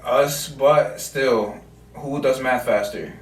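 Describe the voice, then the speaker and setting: A man's voice: medium pitch, slow pace. A young man co-hosting a casual podcast chat with friends, slangy and hesitant with lots of ums. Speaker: podcast co-host. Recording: echoey room, mic at a distance, faint noise.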